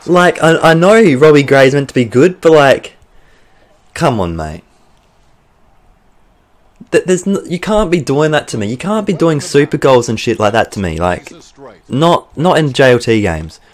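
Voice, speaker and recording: Excitable young Australian gamer, swearing. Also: male voice, on the high side, moderate pace. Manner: swearing, excitable, bursts of frustration. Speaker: gaming YouTuber. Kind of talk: let's play commentary.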